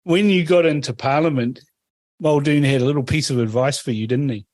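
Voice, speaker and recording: A man's voice: mid-range voice, a little fast, darkish tone, no echo. A man hosting a radio interview, prompting his guest with conversational questions.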